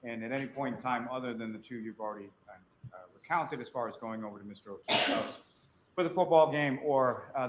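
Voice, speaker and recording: A man questioning a witness in a courtroom, speaking formally and politely, addressing him as sir and pausing with the occasional uh. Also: mid-range voice, slight background noise, rough recording.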